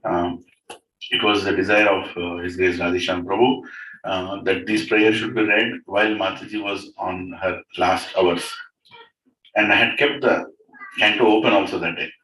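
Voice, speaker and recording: A man's voice: low voice, steady tone, moderate pace, sharp tone. A man telling a devotional story to a gathering in a house, chatty and checking in with the listeners. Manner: conversational, asks the audience "right?". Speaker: devotional speaker. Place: room in a private house. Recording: roomy, distant mic, faint noise.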